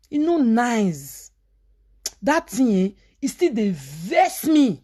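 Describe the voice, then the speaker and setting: A woman with a Nigerian Pidgin accent, vlogging in dramatic storytelling commentary. Her voice sits fairly high and swings widely, and she scolds hard, shouting one moment and dropping low the next. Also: very animated, slow. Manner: scolding, dramatic, shouts and switches between loud and hushed.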